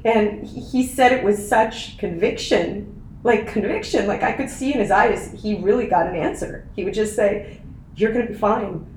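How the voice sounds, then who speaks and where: A woman's voice: mid-range voice, moderate pace, a little mellow. Earnest woman telling her story, echoey. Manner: earnest, emotional storytelling with laughs. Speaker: podcast guest. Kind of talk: casual interview chat. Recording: echoey room, faint noise.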